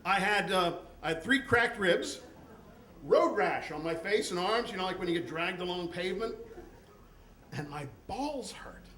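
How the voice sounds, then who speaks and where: A man from the United States telling a comic personal story on stage with a deadpan, profane delivery. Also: high voice, unhurried. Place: stage at a live storytelling event. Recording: echoey room, faint background noise.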